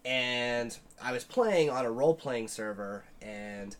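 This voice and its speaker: A man's voice: mid-range voice, slow pace, fairly bright tone. A man co-hosting a podcast, telling rambling, profane stories in casual chat. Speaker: podcast co-host.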